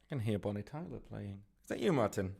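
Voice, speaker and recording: Gravelly man chatting while he paints. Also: on the low side, lively intonation, quick pace, a little mellow. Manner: rambling, self-mocking, chatty. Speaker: livestream sketching host. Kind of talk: casual live commentary while painting.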